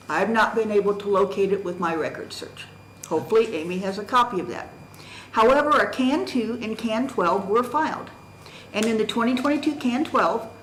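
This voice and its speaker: In a county government meeting room, a woman gives formal public testimony to the county board, methodically and emphatically presenting a candidacy challenge while reading from documents. Her voice is mid-range. The rough recording has a roomy sound with a little hiss or hum.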